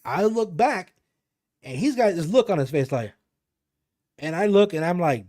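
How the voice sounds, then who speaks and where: A man's voice: sits high, sing-song, normal speed, pauses often, a little mellow. A young man on a podcast, telling a spooky story casually with lots of fillers and swearing. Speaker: podcast co-host.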